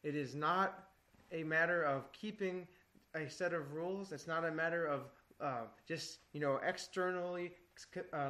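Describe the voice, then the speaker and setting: A man with a notably high voice preaches in an earnest, exhorting way. He often repeats a phrase several times to drive the point home. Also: a bit bright. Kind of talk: sermon.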